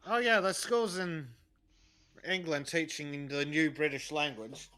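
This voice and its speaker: Male guest, casual, crude and blunt, very bright, slightly high voice. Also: a little slow, clear, resonant tone. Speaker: stream guest. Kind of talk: casual stream chat.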